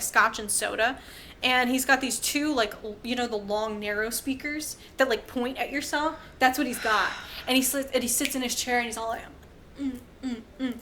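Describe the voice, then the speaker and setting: A woman's voice: fairly high pitch, sharp tone, slight background noise. A woman co-hosting a podcast, recapping a film in casual chat with lots of fillers and profanity. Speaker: podcast co-host.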